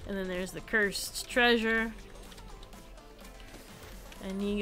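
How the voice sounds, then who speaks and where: A woman's voice: mid-range voice, steady tone, slow pace, long pauses, pushed and bright, soft background music. A young woman live-streaming a building game, chatting casually and giggling often.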